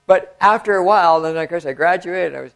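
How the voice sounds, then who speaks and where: A man preaching a conversational sermon, swinging from animated storytelling to hushed, prayerful tones. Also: sits high, fairly quick, gravelly, rough recording.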